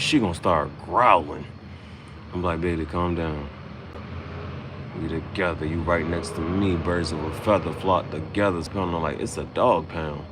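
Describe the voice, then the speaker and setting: A man's voice: sits low, steady tone, moderate pace, a bit bright, a little hiss or hum. A man freestyling a loose, swaggering, profane rhyming monologue as host.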